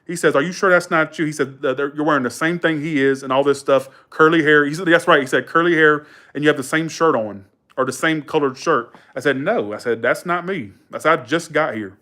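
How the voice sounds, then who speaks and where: This young man from Georgia, USA, is a live streamer chatting casually with viewers, his voice on the high side, brisk and sharp-toned with few pauses. He rambles through a story full of restarts and asides, correcting himself in colloquial speech and quoting others in a raised voice.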